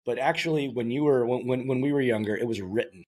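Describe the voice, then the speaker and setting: A man's voice: mid-range voice, fast, a little mellow. A man hosting a casual podcast, joking and teasing his guest in rambling sentences. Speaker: podcast host.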